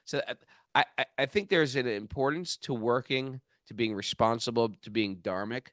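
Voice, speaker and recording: A man co-hosting a casual spiritual discussion podcast, an animated storyteller who often restarts his sentences. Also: medium pitch, normal speed, no room sound, studio quality. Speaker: podcast co-host.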